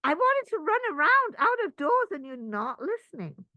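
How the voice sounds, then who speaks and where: Talking body: high, eager, childlike, whiny and pleading, a woman putting it on. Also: sing-song, normal speed, dry recording, dull audio. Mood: complaining.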